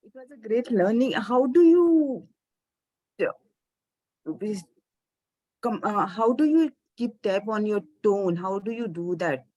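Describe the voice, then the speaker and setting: Woman participant asking a question haltingly, slow and mellow, muffled lo-fi call audio. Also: mid-range voice, lively intonation, no echo.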